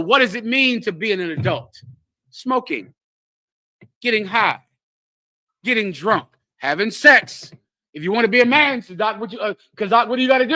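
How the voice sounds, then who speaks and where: High, bright-voiced man teaching emphatically. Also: no room sound. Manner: emphatic, blunt, preachy. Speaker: teacher leading a congregation class. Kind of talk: sermon-style teaching.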